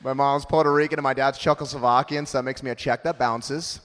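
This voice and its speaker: A man's voice: medium pitch, fairly even intonation, fairly quick, a bit bright, big-room sound, a little hiss or hum. A man in his thirties doing a punchy, self-mocking stand-up comedy set on a club stage. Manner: punchy, self-mocking delivery with acted-out quotes.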